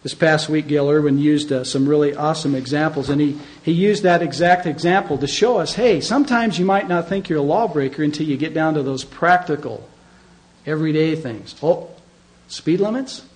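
A man's voice: fairly high pitch, fairly quick, poor audio. A middle-aged man preaching a sermon as pastor, conversational and emphatic, often asking his listeners questions.

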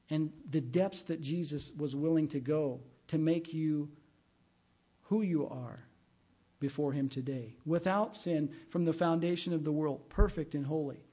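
With a slightly high, dark voice, a middle-aged pastor gives a sermon in a chatty, conversational style, drawing on personal anecdotes as he goes.

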